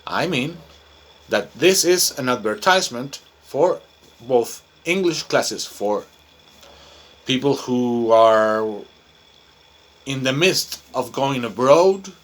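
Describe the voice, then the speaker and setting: A man's voice: medium pitch, lively intonation, slow pace, long pauses. A Chilean man, a native Spanish speaker, who teaches English and talks through an unplanned monologue in a rambling, talkative way, full of fillers. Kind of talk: improvised self-recorded monologue.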